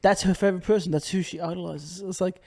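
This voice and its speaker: A man's voice: sits high, steady tone, fast talker, a little mellow. A young man co-hosting a podcast, telling rambling stories in a casual chat and laughing as he goes. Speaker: podcast co-host.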